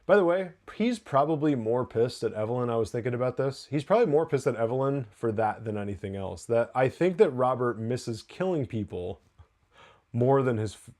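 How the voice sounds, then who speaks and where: A man hosting a live TV review show, recapping an episode in a loose, excited, profane way with lots of fillers. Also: medium pitch, fairly quick. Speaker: TV review podcast host.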